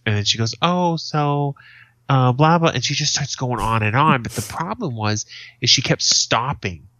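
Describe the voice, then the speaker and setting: A man co-hosting a podcast, telling stories in a casual, profane, animated way. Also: medium pitch, normal speed, breathy edge. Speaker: podcast co-host. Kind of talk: casual chat.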